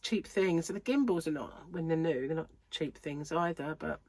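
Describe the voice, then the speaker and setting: A woman chats away to camera in a slightly low voice, a little stuffy and short of breath. She rambles through stories with frequent giggles. The sound is close and dry, with no room echo. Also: normal speed, darkish tone. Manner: chatty, giggly, rambling anecdotes. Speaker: crochet channel host. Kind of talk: casual chat to camera. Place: home room under lights.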